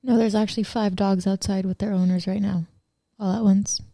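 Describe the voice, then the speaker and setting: A woman with a mellow voice chimes in with short remarks. Her comments are brief and teasing, and the sound is dry. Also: medium pitch, steady tone, fairly quick, no room sound. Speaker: host's partner chiming in. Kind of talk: casual banter.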